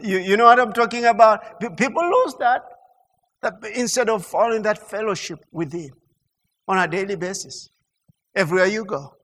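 A high, bright male preacher delivering an animated sermon, stumbling over restarts before punching his points home. His voice rings with a long reverb from a large hall. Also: normal speed. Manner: animated, mimics mock prayer sounds and laughs; stammering restarts, rising to emphatic peaks.

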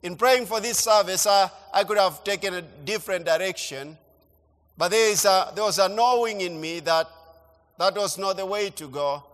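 A man preaching a sermon, emphatic and repeating phrases as he swings between loud and soft. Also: sits high, moderate pace, long reverb tail. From Kenya. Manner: emphatic, repeats phrases, rising and falling delivery. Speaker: pastor. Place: church.

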